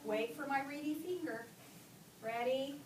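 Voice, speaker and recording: High, animated woman teaching young children. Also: heavy background noise. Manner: animated, sing-song, slows to model reading. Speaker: kindergarten teacher. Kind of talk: classroom teaching, reading aloud to children. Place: classroom, indoors. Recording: roomy classroom from a distant camera.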